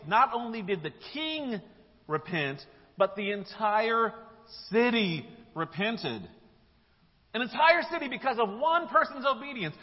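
A man preaching a sermon, telling the story in a casual, animated way. His voice sits high and leaps around a lot. The live church recording sounds dull and rings with a long hall echo. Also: unhurried. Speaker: pastor. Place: church sanctuary.

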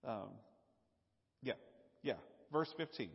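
A man preaching a sermon in an animated, conversational way, with fillers and repeated words. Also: mid-range voice, unhurried, slightly rough. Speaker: pastor. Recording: dull lo-fi sound, long hall reverb.

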